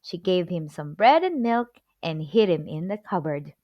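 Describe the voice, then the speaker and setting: Slow, expressive woman reading a children's story. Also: on the low side, no echo, muffled recording. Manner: expressive, clear storybook delivery.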